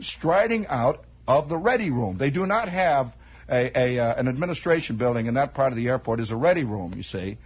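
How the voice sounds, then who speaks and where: A man's voice: a little high, husky. A man hosting a 1960s radio show, spinning a rambling comic story and acting out bits of it. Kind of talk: improvised radio monologue. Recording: dull lo-fi 1960s radio broadcast.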